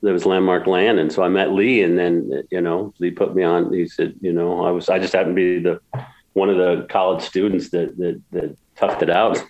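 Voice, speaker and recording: A man's voice: low-pitched, flat delivery, normal speed, a little mellow, lo-fi sound. A man in his sixties from upstate New York, telling emotional stories in an interview with many restarts and repeats. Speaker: golf course builder, guest. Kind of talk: storytelling interview.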